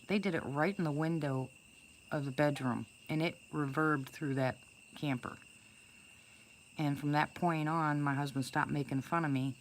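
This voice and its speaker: A woman's voice: deep voice, fairly even intonation, moderate pace, slight background noise. An older woman casually telling a first-person story to her viewers, chatty and rambling, with many restarts and fillers. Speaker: storyteller greeting live viewers.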